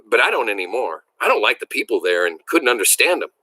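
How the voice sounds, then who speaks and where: A man's voice: mid-range voice, very animated, quick pace, pushed and bright, no echo. A man reading aloud, voicing an earnest young country boy from a novel. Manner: earnest, choked. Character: shy young farm boy, tearful and earnest.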